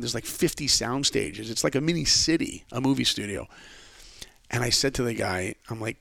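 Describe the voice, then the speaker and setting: A man being interviewed on a podcast, telling stories in a lively way and acting out the voices of people he quotes. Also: mid-range voice, moderate pace, gravelly, no room sound. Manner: animated storyteller who acts out quoted voices. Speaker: podcast guest. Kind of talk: casual storytelling interview.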